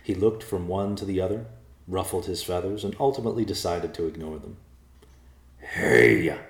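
Deep-voiced man reading a story. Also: fairly quick, warm tone. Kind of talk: read-aloud story narration. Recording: roomy echo.

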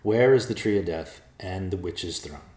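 Guy reading as a young guy hero, calm and thinking it through, deep voice, roomy sound. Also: moderate pace, close to an everyday voice. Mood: earnest. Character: thoughtful young human man, the hero. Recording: roomy echo.

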